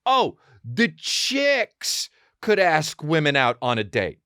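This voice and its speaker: Excitable, profane male podcast host. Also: fairly high pitch, clear, resonant tone, dry recording, clean studio sound. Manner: excitable, profane, riffing with quick acted asides. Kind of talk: comedic rambling monologue.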